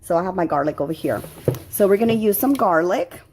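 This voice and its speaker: A cooking vlogger talks her way through a home cooking tutorial in her kitchen, rambling with plenty of fillers and self-corrections while teary from chopping onions. Her lowish voice is animated, brisk and a little mellow, with slight background noise.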